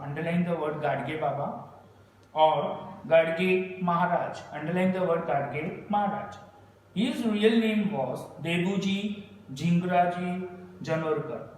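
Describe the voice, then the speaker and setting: A man's voice: high-pitched, slight background noise. A male teacher reads a textbook chapter to children, stopping to explain hard words and tell them what to underline. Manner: slow, deliberate reading with word explanations and repeated instructions. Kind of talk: classroom textbook reading lesson. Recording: echoey distant room recording.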